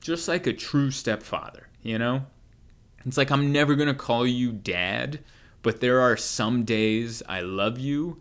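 A man's voice: medium pitch, fairly bright tone. A young man doing a comedic monologue, telling rambling stories with wry asides. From United States.

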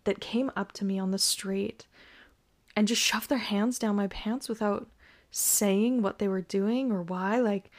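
A woman's voice: medium pitch, fairly even intonation, measured pace, vocal fry, darkish tone. A pregnant woman hosting a podcast, telling a personal story in an emotional, reflective way with many fillers. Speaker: podcast host.

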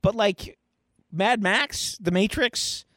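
A man with a high voice co-hosts a casual podcast chat. He tells the story in an animated way and swears a lot, close to the mic in a dry room. His tone stays loose and conversational. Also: takes it slowly, no echo. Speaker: podcast co-host.

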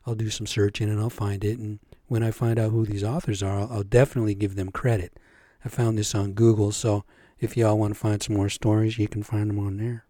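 Mellow-voiced man telling stories. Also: lowish voice, little pitch movement, fairly quick, no room sound, clean studio sound. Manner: chatty, checking in with listeners. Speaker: storyteller and vlogger. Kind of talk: casual storytelling and ranting.

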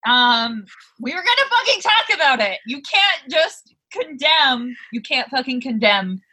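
Bright wry woman co-host. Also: sits high, unhurried, breathy edge. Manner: wry, deadpan, teasing, swearing. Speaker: podcast co-host. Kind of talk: casual comedic chat.

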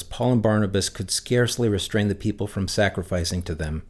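Guy with a lowish voice reading bible passages, steady and measured, slows down to stress things. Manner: lifts his voice for shouted lines in the text. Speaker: Bible reader for a church. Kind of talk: scripted scripture reading.

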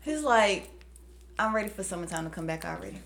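A woman's voice: mid-range voice, lively intonation, brisk, creaky, roomy sound, very noisy. A woman co-hosting a podcast, teasing and exclamatory in casual chat.

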